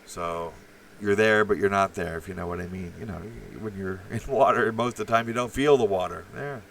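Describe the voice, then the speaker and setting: Low-voiced man ranting, distant from mic. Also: fairly quick, gravelly, a little hiss or hum. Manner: profane, rambling, many fillers and restarts. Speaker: live stream host. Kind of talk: rambling live-stream monologue, reading chat.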